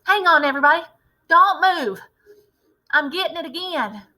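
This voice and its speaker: A high, piercing witch's voice shrieks and sniffs in alarm as she catches a scent. The tone is bright and sharp, like a storybook villain raising the alarm, as a woman reads her aloud. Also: expressive, normal speed, full character voice, poor audio. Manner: shrill, sniffing, frantic. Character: shrill shrieking female witch Mildred, alarmed.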